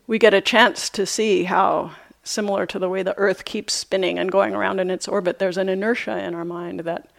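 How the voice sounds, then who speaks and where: Gravelly-voiced woman giving a dharma talk. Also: medium pitch, fairly even intonation. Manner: reflective, unhurried, with soft hesitations; light self-amused laughter. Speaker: meditation teacher. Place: retreat center meditation hall.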